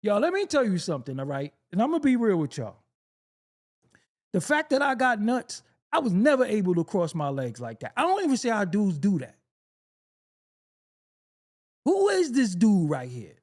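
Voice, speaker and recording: A man's voice: sits high, wildly swooping pitch, normal speed, long pauses. A man hosting a casual reaction video, joking, laughing often and swearing freely as he comments on clips.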